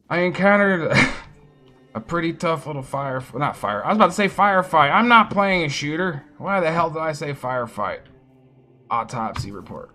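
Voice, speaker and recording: A man streaming a fantasy role-playing game, commenting casually and excitably and swearing freely as he reacts to the game. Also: a little high. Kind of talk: live gameplay commentary.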